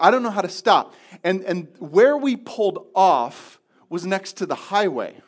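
A man pastor telling a funny story in a sermon, chatty and self-deprecating, with many restarts. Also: high-pitched.

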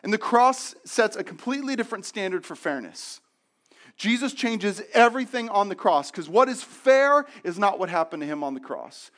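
A man preaching a sermon in a conversational, animated way, acting out the reactions of the people in the story he retells. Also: high voice, moderate pace. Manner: conversational with frequent restarts and asides. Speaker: pastor.

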